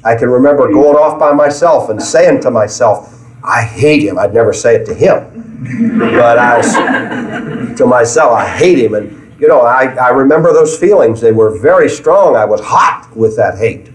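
A man's voice: medium pitch, lively intonation, unhurried. Man leading a bible study, earnest, repeats himself a lot, roomy echo, kinda far from the mic. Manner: earnest, repeats himself while searching for words. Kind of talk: sermon-style Bible study discussion. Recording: echoey room, mic at a distance.

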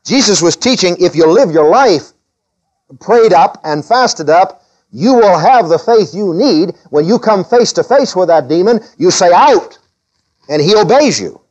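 A pastor preaching a sermon, a man whose voice sits a little high. He lifts up to read scripture and drops back down to explain it. The recording is dull and lo-fi. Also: lively intonation, a little slow, a little mellow. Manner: preaching with scripture readings in a raised voice.

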